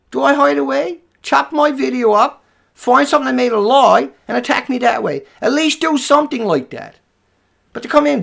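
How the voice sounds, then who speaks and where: A man hosting a livestream who rants furiously, hurling profane insults and sometimes shouting. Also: very high voice, expressive, normal speed, vocal fry. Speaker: livestream host. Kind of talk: angry livestream rant.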